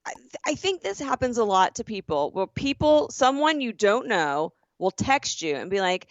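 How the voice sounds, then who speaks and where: A woman's voice: medium pitch, normal speed, dry recording, lo-fi sound. A woman with a Southern American accent, co-hosting a comedy podcast and telling a story with acted-out voices. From Southern United States. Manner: animated storyteller, acts out voices. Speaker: podcast co-host. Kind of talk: casual comedy chat.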